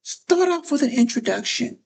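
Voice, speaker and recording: A woman's voice: a little high, expressive, moderate pace, creaky, darkish tone, a little hiss or hum, low-quality recording. A woman giving casual talk-to-camera advice as a phone chat operator, often repeating phrases and restarting sentences.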